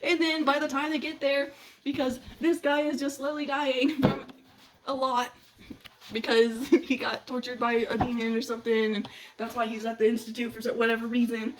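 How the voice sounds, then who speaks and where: A woman's voice: on the high side, moderate pace. A young adult woman gushing and giggling as she rants about books she loves in a casual vlog. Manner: gushing, giggly, animated retelling. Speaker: book vlogger. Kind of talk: excited casual book rant. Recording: slightly distant mic with faint background noise.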